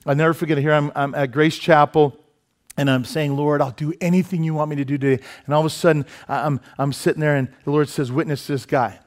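A male pastor preaching a sermon, telling stories with lively asides and self-deprecating humor. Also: a little high, fast talker. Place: church sanctuary.

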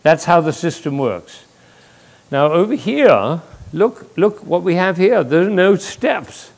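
An older man giving a lively, playful talk to an audience, telling stories and jokes as a speaker on music and leadership. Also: high-pitched, slow, creaky. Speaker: conductor and speaker.

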